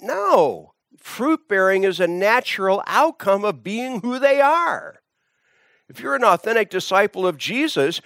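A man's voice: high-pitched, sing-song, measured pace, vocal fry, a bit bright, dry recording, clean studio sound. A man preaching a sermon, telling a story with dramatic swings in his voice.

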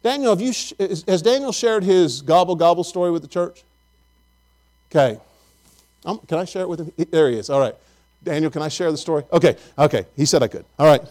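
Man, middle-aged, high-pitched voice, pastor, folksy chatty sermon. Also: animated, a little fast, a little mellow. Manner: folksy, storytelling, chatty with the congregation.

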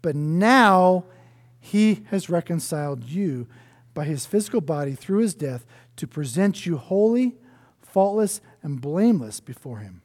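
A male pastor preaching a sermon in an earnest way, often dropping to a soft hush to stress a point. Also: on the high side, lively intonation, unhurried.

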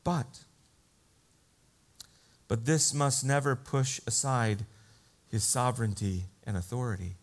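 A male pastor delivering a sermon at an unhurried, deliberate pace. He speaks earnestly and lets his voice swell on the phrases he wants to stress. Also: medium pitch. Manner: slow, earnest preaching with swells of emphasis.

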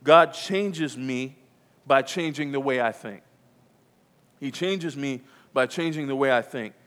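A man's voice: mid-range voice, measured pace, fairly bright tone. A pastor preaching a sermon to his congregation, with emphatic repetition and questions to the room. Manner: emphatic preaching, repeats key phrases, calls to the congregation. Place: church.

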